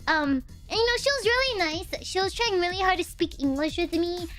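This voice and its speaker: A woman's voice: extremely high pitch, animated, brisk, few pauses, fairly bright tone, soft background music. A young adult woman from the United States, streaming and telling rambling stories in casual chat, laughing often. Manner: giggly, rambling storytelling with frequent laughs. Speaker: VTuber streamer.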